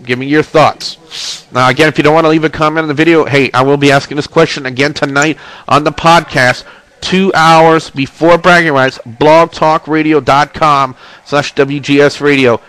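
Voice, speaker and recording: The host of a casual wrestling and video game webcast speaks at a moderate pace in a high-ish, steady, fairly bright voice with a clear, resonant tone, though he's congested with a stuffy nose. He chats while plugging links and reading the chat, and the webcam-mic recording is rough.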